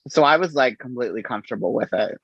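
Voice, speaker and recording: A middle-aged man, an interview guest, telling his story in an unhurried, halting way and acting out the exchanges he quotes. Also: mid-range voice, expressive, a bit bright, slightly rough, dry recording. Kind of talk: conversational storytelling. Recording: dull, slightly lo-fi audio.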